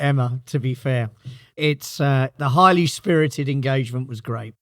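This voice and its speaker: A man's voice: mid-range voice, moderate pace, faint music behind. A middle-aged British man, a company chief executive, answering interview questions with dry, understated humor. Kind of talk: podcast interview guest.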